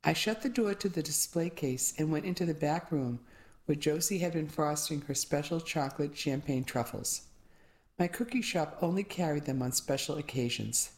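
Woman, audiobook narrator, low voice, steady storytelling. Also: moderate pace. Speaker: audiobook reader.

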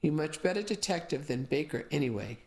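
A woman's voice: sits low, expressive, fairly quick, darkish tone. A woman voicing a blunt old Italian immigrant woman. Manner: curt broken English.

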